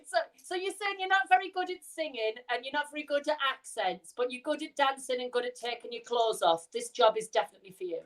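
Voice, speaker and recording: A woman's voice: sits high, expressive, quick pace, hardly any pauses, poor audio. A British woman co-hosting a casual live stream over a video call, cheeky and bubbly, laughing often. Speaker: co-host.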